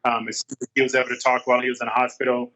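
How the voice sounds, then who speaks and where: A man's voice: medium pitch, level tone, rapid-fire, bright, forceful tone. A man guest in a casual interview, retelling phone conversations with quoted back-and-forth lines, speaking over a remote call from a garage. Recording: dull, lo-fi call audio.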